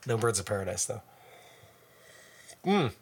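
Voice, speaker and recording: A man's voice: on the low side, very animated, unhurried, slightly rough. A man giving a casual, rambling beer tasting review full of asides.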